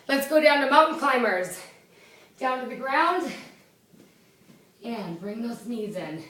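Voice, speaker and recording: A woman leading a home workout, with a loud voice, out of breath as she exercises and counts reps in a chatty way. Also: fairly high pitch, expressive, takes it slowly, pauses often. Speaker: fitness instructor. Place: small indoor room. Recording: echoey room from a distance.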